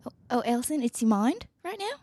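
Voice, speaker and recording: A woman playing an Australian brain, husky, rambly. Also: fairly high pitch, big pitch swings, quick pace, warm tone, dry recording. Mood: chatty. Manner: rambling, apologetic, prone to spiraling. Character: a woman's own brain, chatty anxious young woman. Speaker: sketch performer. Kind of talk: comedy sketch.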